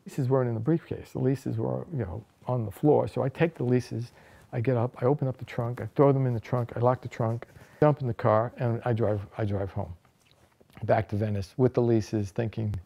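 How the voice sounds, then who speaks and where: A man, an author, telling a first-person story from his own life, his voice rising and getting louder at the dramatic moments. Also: mid-range voice, steady tone, normal speed, gravelly. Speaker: author recounting a personal anecdote.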